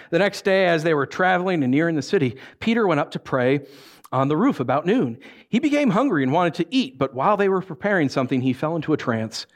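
A man, a pastor, preaching a sermon, reading scripture and acting out lively asides. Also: on the high side. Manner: animated, acts out voices and asides.

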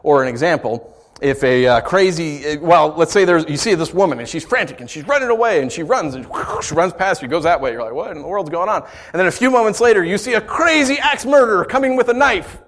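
A man preaching a sermon, animated and acting out the story in voices. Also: on the high side, a little fast. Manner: animated, acts out the scenes in voices. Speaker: pastor.

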